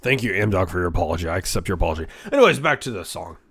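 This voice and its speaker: Goofy raspy young man streaming. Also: sits low, expressive, very fast. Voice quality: raspy, grainy. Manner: goofy, loud, swings to shouting. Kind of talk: casual live-stream chat.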